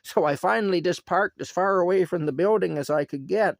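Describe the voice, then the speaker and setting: A man's voice: sits high, a little fast, creaky, no room sound, clean studio sound, pitched above the performer's own voice. A man voicing a flustered, out-of-breath government inspector explaining himself. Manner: flustered, defensive.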